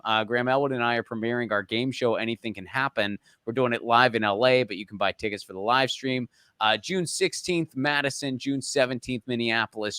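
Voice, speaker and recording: Smooth-voiced man reeling off tour dates. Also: medium pitch, fairly bright tone, no echo, studio quality. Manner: rapid list-reading, self-deprecating humor. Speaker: guest comedian. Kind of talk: casual chat, plugging tour dates.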